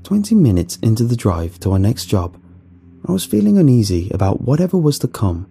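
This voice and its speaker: A man's voice: on the low side, sing-song, a little fast, creaky, dark tone, slightly rough, soft background music. A man narrating a first-person horror story in a wry, nervous storytelling manner.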